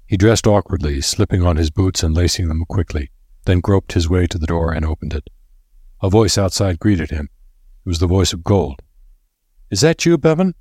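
A man narrating an audiobook in a measured, even storytelling manner. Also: deep voice, breathy edge, dry recording, clean studio sound.

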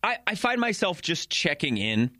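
A man co-hosting a casual sports talk show, animated and acting out players' reactions. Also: a little high, moderate pace, dry recording, clean studio sound.

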